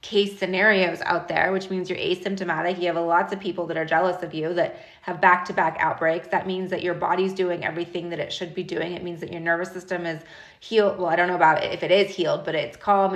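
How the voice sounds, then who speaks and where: A woman in her thirties hosting a live stream, talking casually and directly to her viewers in an animated, chatty way. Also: on the low side. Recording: echoey room.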